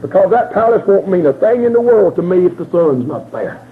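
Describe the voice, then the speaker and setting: A man preaching a sermon as he tells a story, swinging between shouted, crying cries and low murmurs. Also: sing-song, a little fast. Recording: tinny phone-line sound with faint hiss.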